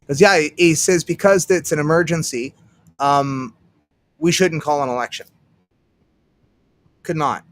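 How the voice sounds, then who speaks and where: A man's voice: on the high side, measured pace, pauses often, no room sound. A man from Canada hosting a casual solo livestream, rambling and sarcastic, muttering to himself between remarks. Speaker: livestream host.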